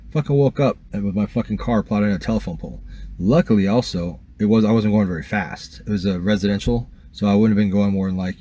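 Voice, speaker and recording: A man with a lowish voice talks casually to his viewers, rambling and swearing freely, full of fillers. A faint hiss sits under the recording. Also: darkish tone. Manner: rambling, profane, many fillers. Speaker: vlogger. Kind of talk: casual first-person account.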